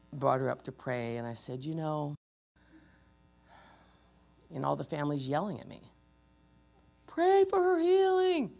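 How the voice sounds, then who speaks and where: A church trainer teaching spiritual warfare through stories, animated and joking at their own expense. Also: mid-range voice, gravelly. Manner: animated, acts out loud quoted voices.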